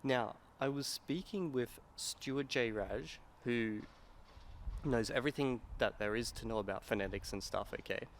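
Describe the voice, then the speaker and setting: A man's voice: mid-range voice, measured pace, a little hiss or hum. A man talking casually to camera in a vlog, candid and rambling as he thinks aloud. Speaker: language-learning vlogger.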